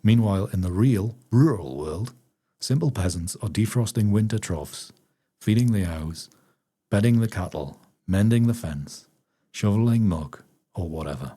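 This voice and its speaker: Man reading aloud, very low voice, dark and husky, unhurried, chatty asides to chat. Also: expressive. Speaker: streamer reading a book aloud. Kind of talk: reading a diary book aloud on a live stream.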